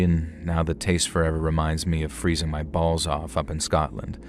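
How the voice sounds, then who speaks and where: A man narrating a scripted creepy story, wry and conversational, in a measured way. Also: low-pitched, a little mellow, a little hiss or hum.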